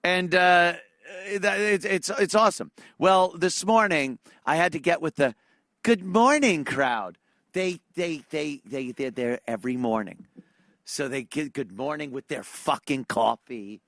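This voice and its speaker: A man's voice: fairly high pitch, animated, measured pace, a bit bright, dry recording. A man, hosting a show and telling a comedic, profane, sarcastic rant about how annoyed he is by everyone around him. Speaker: show host.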